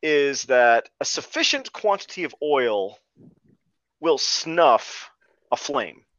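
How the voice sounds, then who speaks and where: A man's voice: mid-range voice, sing-song, slow pace, a bit bright, no room sound, dull audio. A man co-hosting a casual movie podcast, rambling and laughing as he retells scenes. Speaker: podcast co-host. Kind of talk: casual movie review chat.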